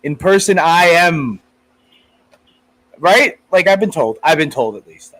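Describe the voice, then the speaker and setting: High-pitched joking male podcast co-host. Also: lively intonation, a little slow, fairly bright tone, rough recording. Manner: joking, crude, laughs often. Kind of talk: casual chat.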